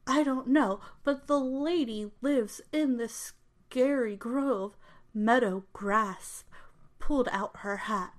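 Unhurried woman reading a fairy tale. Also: on the high side. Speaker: channel host and storyteller. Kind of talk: reading a children's story aloud.

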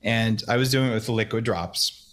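A man talking as a guest expert in a casual interview, explaining things quickly with animated asides and jokes at his own expense. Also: lowish voice. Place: Austin.

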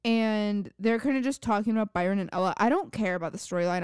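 A young woman co-host with a smooth, clear voice, recapping scenes quickly and laughing along. Her voice sits close to the mic in a dry space. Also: mid-range voice, darkish tone, no room sound. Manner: laughs often, narrates scenes briskly. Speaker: podcast co-host. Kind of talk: casual recap chat.

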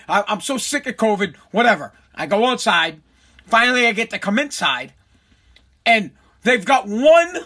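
A man's voice: high-pitched, very animated, normal speed, pushed and bright. A man hosting a casual solo podcast from his home basement, ranting animatedly, swearing and laughing at himself. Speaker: podcast host.

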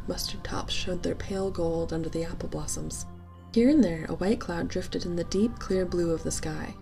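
A woman narrating a classic story in a measured, expressive audiobook style. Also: lowish voice.

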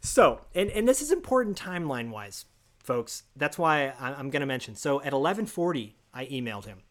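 A man co-hosting a casual podcast, telling a long story with lively asides and quoted voices. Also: mid-range voice, fairly quick. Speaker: podcast co-host. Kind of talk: casual chat.

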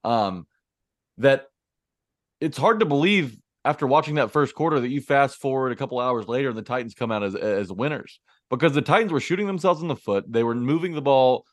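A man co-hosting a sports podcast, breaking down a game in a measured, analytical way. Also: mid-range voice, expressive, no room sound, clean studio sound. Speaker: podcast co-host.

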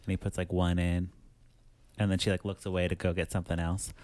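A man co-hosting a podcast, casually recapping a movie with animated retelling and quick character voices. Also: low voice, no room sound. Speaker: podcast co-host.

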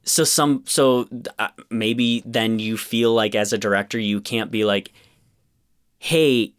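A man's voice: fairly low pitch, level tone, unhurried, fairly bright tone, clear, resonant tone. A man co-hosting a podcast, ranting about a film with lots of swearing and exasperation. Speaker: podcast co-host reviewing a film. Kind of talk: casual chat.

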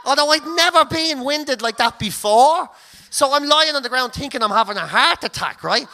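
An Irish man hosting a podcast, telling a comic story in a sweary, laughing, animated way. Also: very high-pitched, moderate pace. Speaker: comedian podcast host.

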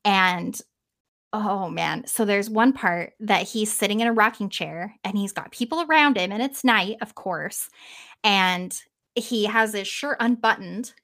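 A woman podcast host casually retelling a story in an animated way, swearing freely and trailing off now and then. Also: mid-range voice, a little slow.

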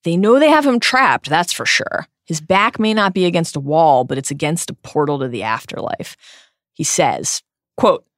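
A woman's voice: sits low, expressive, normal speed, no room sound, clean studio sound. A woman co-hosting a podcast, recapping a novel with earnest, openly emotional commentary. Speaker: podcast co-host. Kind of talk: recapping a book chapter by chapter.

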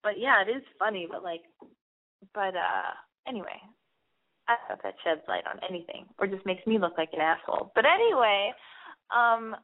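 A young woman hosting a call-in podcast, chatty and candid, telling stories in an animated way. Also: mid-range voice. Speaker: podcast host. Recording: narrow phone-like sound.

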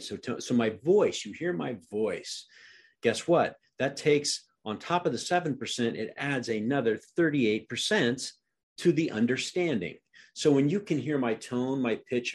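A man's voice: mid-range voice, husky. A middle-aged man coaching real estate agents on a podcast, emphatic and asking his listeners questions.

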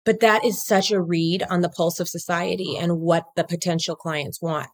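Woman, law firm co-founder, interview guest, lower pitch, emphatic, punchy. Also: normal speed. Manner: emphatic, energetic, blunt, swears; swings into acted quotes of others. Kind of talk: casual interview talk.

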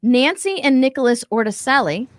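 A woman's voice: high-pitched, lively intonation, moderate pace. A woman hosting a commentary show, talking emphatically and acting out quotes as she reacts to a video. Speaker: show host.

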